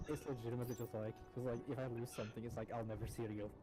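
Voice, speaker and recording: A man's voice: mid-range voice, flat delivery, racing, over loud music. A man talking casually while gaming, rambling with many fillers and casual swearing. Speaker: gamer.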